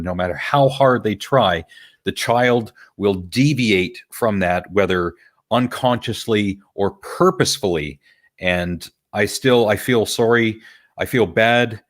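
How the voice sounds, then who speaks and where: A man co-hosting a casual podcast chat, explaining his views in a thoughtful, measured way. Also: on the low side. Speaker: podcast co-host.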